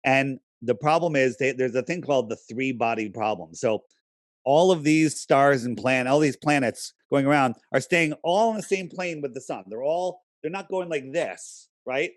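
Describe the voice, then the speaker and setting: A man speaking as an interview guest, pressing his case with emphatic, persuasive delivery and frequent rhetorical questions. His voice sits at an ordinary middle pitch, and the sound is dry and close with almost no room echo. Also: normal speed. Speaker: podcast guest. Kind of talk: casual interview talk.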